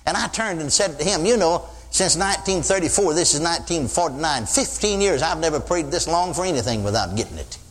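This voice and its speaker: Older male preacher, folksy and animated, recorded in a reverberant church hall. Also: on the high side, fairly quick, few pauses. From Texas. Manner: folksy storytelling, mimics a pastor's sing-song praying. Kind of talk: sermon.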